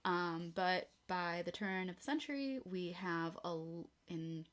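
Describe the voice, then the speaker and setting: A woman from the American Midwest co-hosting a podcast, talking in a rambling way with many pauses and ums. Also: on the low side, animated. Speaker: podcast co-host. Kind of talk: casual chat.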